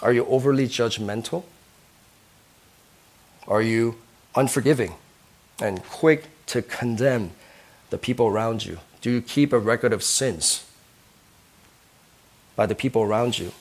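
A man's voice: mid-range voice, a little slow, long pauses. A man preaching a sermon as a pastor, earnest, who keeps asking his listeners questions and ending points with "right?".

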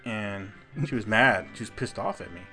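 A man's voice: on the low side, moderate pace, pushed and bright, soft background music. A man co-hosting a podcast, casually telling a story, swearing freely and laughing a lot. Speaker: podcast co-host. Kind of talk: casual chat.

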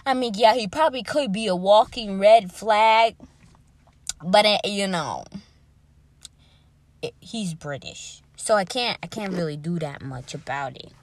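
A woman's voice: medium pitch, unhurried. A young woman hosting her own podcast, chatting casually and rambling from one topic to the next. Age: young adult. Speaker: podcast host.

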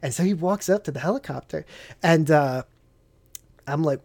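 Laughing, slightly high man. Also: normal speed, gravelly, darkish tone. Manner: rambling, profane storytelling, laughing often. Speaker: military veteran telling stories. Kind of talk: casual podcast chat.

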